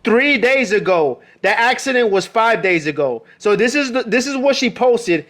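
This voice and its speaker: A man's voice: very high-pitched, expressive, normal speed, a bit bright. A man co-hosting a podcast, chatting loosely, with frequent stammers and restarts. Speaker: podcast co-host. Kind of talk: casual chat.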